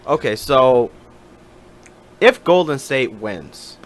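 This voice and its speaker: A man co-hosting a podcast, talking in an easygoing, steady way in casual chat. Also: mid-range voice, takes it slowly, crowd noise. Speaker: podcast co-host.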